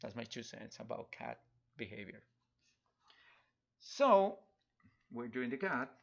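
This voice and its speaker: A man's voice: mid-range voice, sing-song, slow pace, gravelly, fairly bright tone. A middle-aged man with a Spanish accent, chatting casually and rambling with chuckles while streaming a drawing tutorial. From Spanish-speaking country. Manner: rambling, chuckling, many restarts and fillers. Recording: dull lo-fi live-stream audio.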